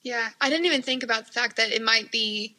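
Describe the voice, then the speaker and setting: American woman, chatty and giggly, kinda high, bright. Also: fairly quick, low-quality recording. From United States. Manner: giggly, chatty, lots of fillers. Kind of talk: casual chat.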